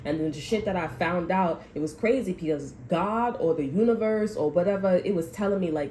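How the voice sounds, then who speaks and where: A woman's voice: fairly low pitch, fairly quick, few pauses, warm tone, slight background noise, low-quality recording. A woman tarot reader delivering a blunt, heavily profane, heated rant about what spirit is telling her. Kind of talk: channeled reading rant.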